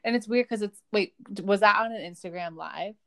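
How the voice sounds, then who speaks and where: A young woman in a casual gossip chat, agreeable and relaxed, tossing in "like" and quick agreements. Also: mid-range voice, gravelly, no echo, studio quality. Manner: agreeable, backchannels with mm-hmm, casual.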